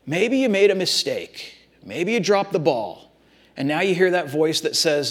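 A man's voice: a little high, animated, a little slow. A man preaching a sermon, talking straight to his congregation in an earnest, repetitive way. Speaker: pastor.

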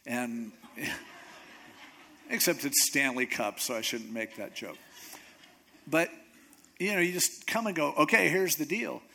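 A middle-aged male pastor preaching a sermon, retelling a Bible story in a lively, conversational way and acting out the characters' lines. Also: mid-range voice, a little hiss or hum. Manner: animated storytelling, acting out characters in quick asides.

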